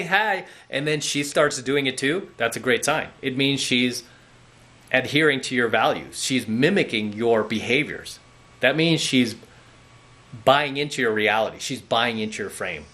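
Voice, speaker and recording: Blunt, forceful male dating coach. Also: medium pitch. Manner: blunt, lecturing, repeats "okay?" and "right?". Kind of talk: direct-to-camera coaching monologue.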